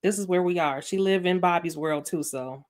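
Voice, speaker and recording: A woman's voice: on the low side, normal speed. A woman panelist on a video call, casually and animatedly telling a TV scene with amusement. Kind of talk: casual chat about a TV episode.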